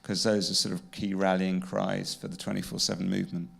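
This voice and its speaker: English guy, lowish voice, dry jokey author reading from his book at a launch. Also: level tone, brisk, creaky, a bit bright, a little hiss or hum. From England. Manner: wry, self-deprecating humor. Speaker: author being interviewed. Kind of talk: live book launch interview and reading aloud. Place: event venue with audience.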